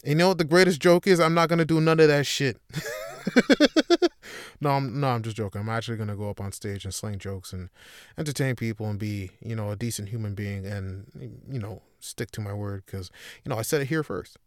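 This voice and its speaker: A man hosting a solo podcast, rambling through a profane comedic monologue that swings between loud bursts and low mutters. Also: brisk, clean tone, no echo, clean studio sound. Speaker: podcast host.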